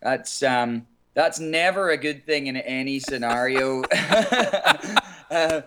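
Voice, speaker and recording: Calling in by phone as a guest, an Irish singer chats casually in a medium-pitched, slow voice. He is relaxed, laughs often, and uses many fillers throughout the interview.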